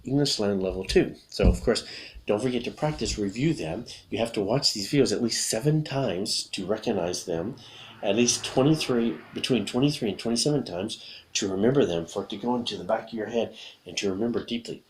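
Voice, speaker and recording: A man's voice: lowish voice, slight background noise. A man teaching English vocabulary to children, explaining a card game and drilling words with gestures in a patient, repetitive way. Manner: patient, repeats words slowly for young learners.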